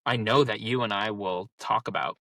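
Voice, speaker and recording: A man in his thirties with a lowish, slightly bright voice and some vocal fry co-hosts a podcast at a moderate pace. He rambles casually through stories packed with "like" fillers, recorded with no echo.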